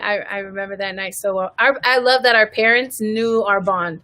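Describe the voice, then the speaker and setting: A woman's voice: mid-range voice, moderate pace, hardly any pauses, no echo. A woman co-hosting a podcast, telling stories animatedly and acting out the people in them. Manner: animated, acts out voices in her stories. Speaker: podcast co-host. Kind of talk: casual storytelling chat.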